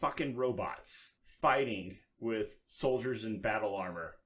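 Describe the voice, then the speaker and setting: A man with a lowish voice co-hosts a loose podcast chat. He rambles from joke to joke and swears now and then, in an easygoing tone. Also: animated, a little slow, a bit bright. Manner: rambling, joking and profane. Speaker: podcast co-host. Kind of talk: casual chat.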